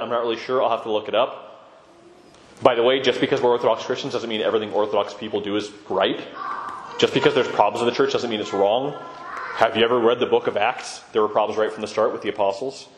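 A man's voice: medium pitch, slight background noise. A man giving a conversational sermon-style talk on Orthodox Christian living, acting out quoted voices as he goes. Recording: echoey room with long reverb.

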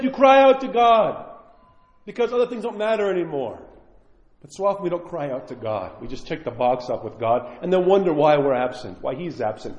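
A man preaching a sermon as a priest, impassioned, swinging from loud pleading to near-whispered prayer. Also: sits high, lo-fi sound. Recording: echoey church hall.

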